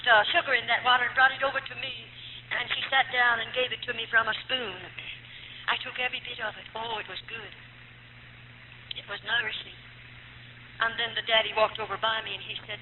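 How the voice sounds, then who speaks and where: A middle-aged woman from the United States telling her life story as a personal testimony, earnest, her voice rising and falling with feeling. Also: a little high. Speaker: former nun giving testimony. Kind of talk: emotional personal testimony to an audience. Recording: tinny lo-fi archive tape in an echoey hall, faint hum.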